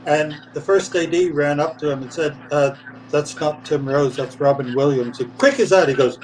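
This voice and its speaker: A man's voice: a little high, measured pace, distant mic, low-quality recording. Man telling stories with acted voices. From England. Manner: lively storyteller, acts out voices, laughs often. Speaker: puppeteer guest. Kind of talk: animated anecdote telling.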